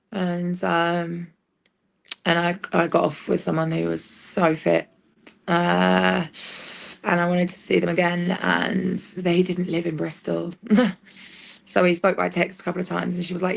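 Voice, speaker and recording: Gravelly low-voiced woman. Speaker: livestreamer. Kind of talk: rambling personal monologue.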